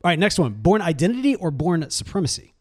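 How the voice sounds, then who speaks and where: A man in his thirties co-hosting a podcast in casual chat, animated and chatty and laughing often. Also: high voice, fast talker, husky. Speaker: podcast co-host.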